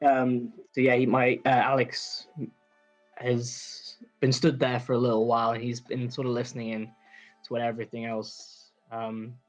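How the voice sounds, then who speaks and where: A man's voice: mid-range voice, completely flat delivery, unhurried, faint music behind, rough recording. A man describing his character in a tabletop game, meandering and hesitant. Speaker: player.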